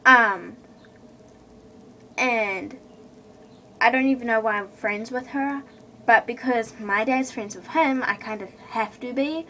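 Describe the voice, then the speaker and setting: A woman's voice: a little high, takes it slowly, pauses often, pushed and bright, a little hiss or hum. A teenage girl telling a storytime rant to camera in an indignant, chatty way, full of fillers. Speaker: vlogger.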